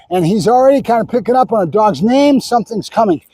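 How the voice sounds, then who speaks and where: A man explains dog training as he works, his voice sitting high for a man and sounding dry and close. He chats steadily and keeps dropping in short repeated marker words between explanations. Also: lively intonation, quick pace, few pauses, a little mellow, breathy edge, no room sound. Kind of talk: instructional training narration.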